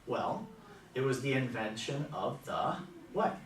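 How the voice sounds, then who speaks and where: A man with a General American accent and an unhurried, mid-range voice gives a classroom lecture as a language teacher. He's chatty and often stops to question his students, recorded from far off in an echoey room with slight background noise.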